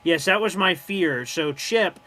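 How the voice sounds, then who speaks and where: A man co-hosting a live sports watch party stream, calling the action casually and cracking jokes. His voice sits a bit high and sounds bright and tense. He swears freely and acts out what the players might say. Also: expressive, a little slow. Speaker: co-host doing live play-by-play.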